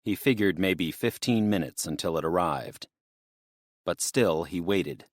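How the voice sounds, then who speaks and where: Deep guy reading an audiobook, steady, dry sound. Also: unhurried, dry recording. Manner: steady storytelling. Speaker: audiobook narrator. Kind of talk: scripted narration.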